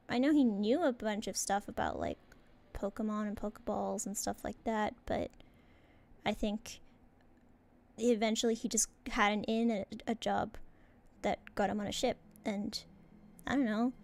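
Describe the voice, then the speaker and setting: A woman's voice: medium pitch, fairly even intonation, measured pace, creaky, long pauses. A woman playing a tabletop role-playing game, answering in character in a hesitant, rambling way. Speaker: player.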